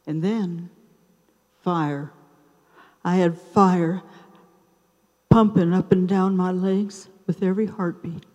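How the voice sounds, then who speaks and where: A woman in her seventies telling a personal story at an open mic night in a theater, taking her time with dramatic pauses between short phrases. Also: lowish voice, steady tone, darkish tone, lo-fi sound. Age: 70s. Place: theater stage. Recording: reverberant live theater sound.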